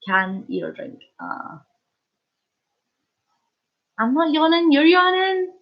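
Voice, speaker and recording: A Scottish woman chats on her live stream in a slightly high voice, playful and animated as she answers comments and spins a story. The audio is dull and lo-fi, like a cheap stream mic. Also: takes it slowly. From Scotland. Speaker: livestream host. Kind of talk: casual live-stream chat.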